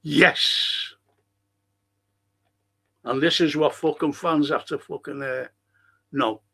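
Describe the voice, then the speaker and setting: This livestream podcast host speaks at an ordinary pace in a fairly high, steady, somewhat bright voice. He reads chat messages and rants angrily, swearing nonstop and firing off rhetorical questions.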